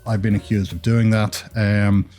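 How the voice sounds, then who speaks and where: A man's voice: lowish voice, level tone, normal speed, darkish tone, soft background music. A man from Ireland whose Irish accent has been partly Americanized, giving creator tips in a chatty, rambling vlog with self-deprecating jokes. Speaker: YouTube creator. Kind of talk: casual advice vlog.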